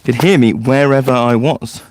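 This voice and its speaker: A man's voice: medium pitch, moderate pace, no room sound. A man, a forest school leader chatting casually and explaining things in a loose storytelling way. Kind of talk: casual podcast chat.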